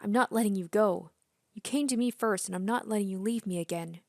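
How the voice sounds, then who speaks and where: A woman's voice: mid-range voice, brisk, gravelly, a little mellow, no room sound, clean studio sound, close to an everyday voice. A woman reading aloud the lines of a possessive, imperious young princess girl from a game. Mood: indignant. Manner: bossy, indignant reading.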